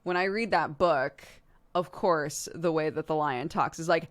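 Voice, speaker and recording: A woman's voice: deep voice, measured pace. A woman streamer chatting casually with viewers, laughing easily and swearing now and then. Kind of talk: casual chat answering viewer questions.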